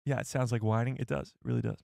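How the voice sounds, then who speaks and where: Talking fast in a gravelly, darkish voice of ordinary middle pitch with fairly even intonation, a man hosts a live stream. He meanders, thinking aloud while answering chat and looking things up, and the audio is dry with no echo.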